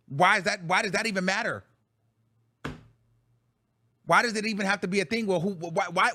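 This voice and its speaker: A man's voice: high-pitched, sharp tone, dry recording, studio quality. A man hosting his own show, ranting bluntly and profanely in heated commentary. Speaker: talk show host.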